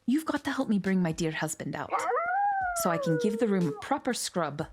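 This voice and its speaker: A woman's voice: mid-range voice, sing-song, normal speed, music in the background, close to an everyday voice. Woman doing a gushing German dog housewife. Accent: put-on German. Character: fussy German-accented dog housewife, dramatic.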